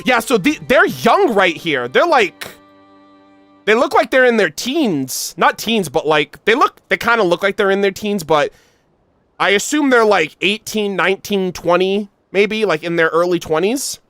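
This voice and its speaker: A streamer giving live game reaction commentary, excitable and exclamatory, talking straight to chat. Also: mid-range voice, unhurried, dry recording, soft background music.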